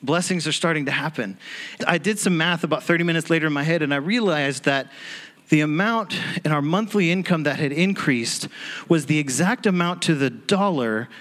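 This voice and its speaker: A young man telling a personal testimony in a sermon, animated and acting out the people he quotes with laughing asides. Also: a little high, moderate pace. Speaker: church speaker telling a testimony.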